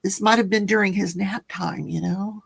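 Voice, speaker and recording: A woman's voice: mid-range voice, steady tone, moderate pace, gravelly, husky. A chatty, giggly woman hosting a casual livestream, reading out viewer comments and reacting to them. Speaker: livestream host. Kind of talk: casual live-stream chat.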